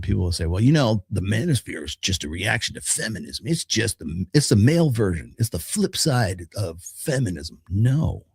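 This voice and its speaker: A middle-aged man talks through a blunt, opinionated podcast monologue. He peppers it with rhetorical questions and casual swearing. His voice is low, gravelly and a bit husky, recorded dry and close. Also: darkish tone, dry recording. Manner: blunt, profane, emphatic; rhetorical questions, frequent restarts. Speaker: podcast host.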